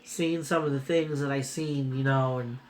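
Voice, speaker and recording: A man's voice: medium pitch, steady tone, moderate pace. Guy in his 30s rambling into his phone at a trade show, emotional, keeps saying you know, some faint noise around. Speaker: vlogger. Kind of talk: casual vlog. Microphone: phone camera.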